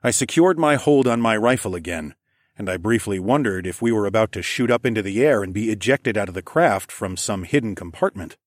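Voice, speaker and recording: A man reading a first-person story as an audiobook, relaxed storytelling with casual asides. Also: on the low side, a little fast, no room sound, studio quality. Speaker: audiobook narrator.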